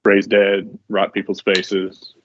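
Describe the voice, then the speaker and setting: A man's voice: lowish voice, completely flat delivery, slow, lo-fi sound, noisy background. A man playing in an online tabletop game, talking in a wry, matter-of-fact way. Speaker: player. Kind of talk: casual chat between players.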